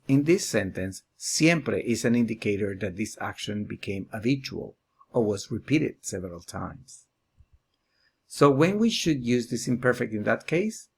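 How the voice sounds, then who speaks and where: Guy teaching spanish verbs real slow, husky gravelly voice, reads each form out one by one. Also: mid-range voice. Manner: slow, deliberate, drills verb forms one at a time. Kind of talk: slow explanatory grammar lesson.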